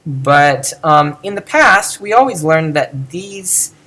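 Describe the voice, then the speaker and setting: A man's voice: a little high, animated, slow, bright, forceful tone. A man giving an informal video lecture on Ancient Greek, thinking aloud and demonstrating pronunciations.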